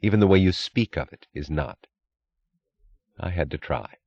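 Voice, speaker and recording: A man with a deep voice reading the lines of a determined woman railroad executive who pleads with restrained, precise words, recorded with a dull, dry sound. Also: normal speed, vocal fry, a little mellow, no echo. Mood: earnest.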